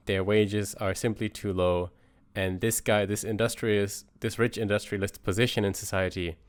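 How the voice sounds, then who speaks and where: A man co-hosting a podcast, asking measured questions about a philosophy book with pauses. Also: deep voice, smooth, no echo. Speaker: podcast co-host. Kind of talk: casual book discussion.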